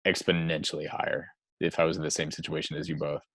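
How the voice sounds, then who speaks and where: Deep-voiced, halting young male guest. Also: little pitch movement, fairly bright tone, no echo. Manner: halting, hedging, swears casually. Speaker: guest, musician. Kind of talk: casual chat.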